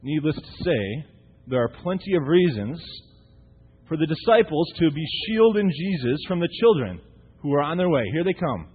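A pastor in his thirties delivers a light, humorous sermon in a conversational tone, frequently asking rhetorical questions of the congregation. His voice sits on the high side, with lively intonation, a moderate pace, and a breathy edge. It was captured in a church sanctuary, with tinny, echoey sound.

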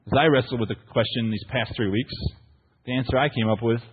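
A man's voice: medium pitch, quick pace, breathy edge, in a large hall, narrow, tinny audio. A pastor, preaching a sermon to his congregation in a playful storytelling manner, often asking "right?". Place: church.

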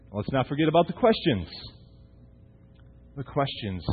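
A man's voice: mid-range voice, sing-song, measured pace, long pauses, a little hiss or hum. A man in his thirties preaching a conversational, humorous sermon as pastor, often asking the congregation rhetorical questions. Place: church sanctuary. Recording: tinny, echoey church recording.

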